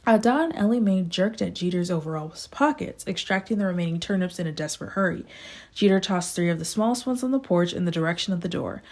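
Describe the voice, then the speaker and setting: A woman narrating an audiobook in a steady, unhurried amateur reading. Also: lowish voice. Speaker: audiobook reader.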